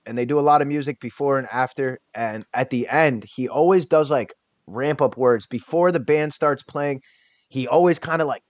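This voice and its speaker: A man's voice: medium pitch, no echo, highs cut off. Candid man telling his recovery story. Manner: candid, swears casually, restarts often. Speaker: podcast guest. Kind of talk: emotional personal storytelling.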